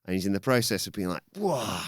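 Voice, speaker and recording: A man co-hosting a podcast, recapping a wrestling show in an animated way and acting out the lines in raised voices. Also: deep voice, rapid-fire, clean tone, dry recording, studio quality. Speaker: podcast co-host.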